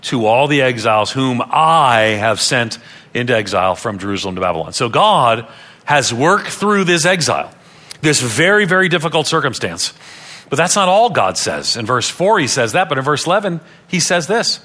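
Male pastor, from Long Island, earnest teaching sermon voice, crisp and forceful. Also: mid-range voice, big pitch swings, moderate pace. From Long Island, New York. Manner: earnest teaching, repeats key phrases for emphasis.

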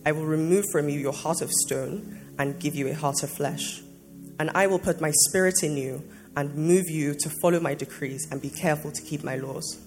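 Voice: mid-range voice, normal speed. Fervent prayer voice over worship music. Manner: fervent, devotional. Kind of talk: prayerful exhortation with scripture reading. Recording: music playing behind. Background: soft worship music.

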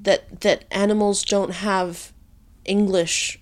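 A woman playing a patient, exasperated defense lawyer in an improvised comedy podcast, speaking calmly and correcting her clients. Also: mid-range voice, natural voice. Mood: dry. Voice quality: calm, measured, correcting.

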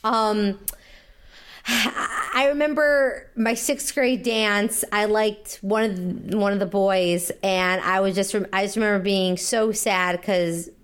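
A woman's voice: medium pitch, slow pace, smooth. A young adult woman comedian chatting casually, telling stories with lots of fillers and laughter. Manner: animated storytelling with frequent fillers and laughs. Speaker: comedian guest. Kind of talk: casual podcast chat.

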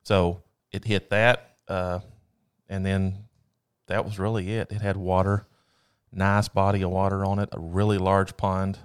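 A man's voice: low-pitched, flat delivery, a little slow, clean tone. A man co-hosting a casual chat, telling a story in an upbeat, rambling way. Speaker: podcast co-host.

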